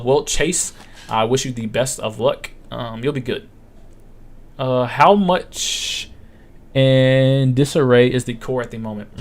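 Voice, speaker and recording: A young man in his twenties hosting a casual live-stream Q&A, telling blunt, profane stories and acting out what others said. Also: mid-range voice. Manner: blunt, profane storytelling, acts out quotes. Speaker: live stream host answering questions.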